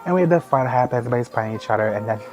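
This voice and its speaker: A man's voice: mid-range voice, expressive, rapid-fire, a little mellow, highs cut off, faint music behind. A man giving a casual, foul-mouthed movie recap, sarcastic and often laughing. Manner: crude, sarcastic, laughs often, mimics characters.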